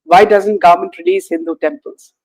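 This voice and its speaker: A woman's voice: medium pitch, steady tone, brisk, darkish tone. A woman hosting an interview, speaking in polite, brief remarks. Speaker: show host.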